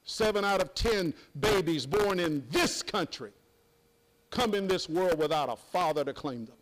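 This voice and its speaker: A man's voice: high-pitched, a bit bright, low-quality recording. An older man preaching a sermon, folksy and emphatic, with sudden exclamations.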